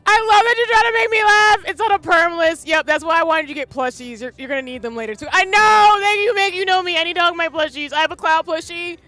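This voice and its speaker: High, bright, teary woman streamer. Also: a little fast, no echo, soft background music. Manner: emotional, gushing, breaks into tears. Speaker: game streamer. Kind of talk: casual live-stream commentary.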